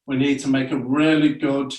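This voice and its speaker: A man leading children through a playful movement game, coaxing and animated, breaking into loud playful moos. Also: mid-range voice, normal speed. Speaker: children's activity leader. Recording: echoey room, mic far off.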